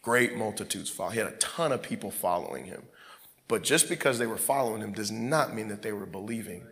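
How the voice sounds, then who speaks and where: A pastor telling a story in a loose, conversational sermon, full of fillers and asides. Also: male voice, lowish voice, expressive, fairly quick, a bit bright. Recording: long hall reverb.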